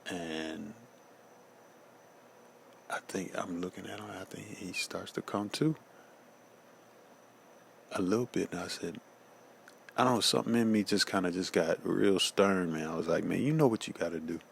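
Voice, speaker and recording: A man's voice: deep voice, fairly even intonation, unhurried, creaky, long pauses, slight background noise. A man giving a casual personal testimony, slangy and loose, often saying "man" and "you know.".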